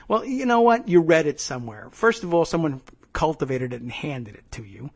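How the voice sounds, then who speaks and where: Man, podcast host, political commentary, sarcastic rant, somewhat high voice. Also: expressive, a little fast, creaky, husky. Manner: sarcastic, ranting.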